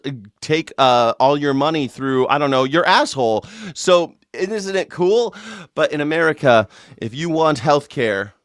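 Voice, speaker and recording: A man's voice: a little high, a bit bright, no room sound, studio quality. A man hosting a live political call-in show, ranting sarcastically with profanity and mocking voices while reacting to chat. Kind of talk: comedic political rant with chat callouts.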